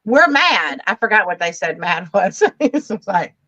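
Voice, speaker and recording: A woman in a casual live book chat who rambles through her stories with halting restarts. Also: lowish voice, sharp tone, no room sound.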